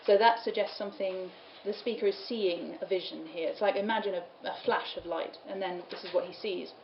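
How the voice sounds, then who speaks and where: A woman's voice: mid-range voice, brisk. A woman giving a lecture at a study day, explaining medieval poems and reading lines aloud, with an easy laugh now and then. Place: lecture room. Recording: roomy, dull, with faint room noise.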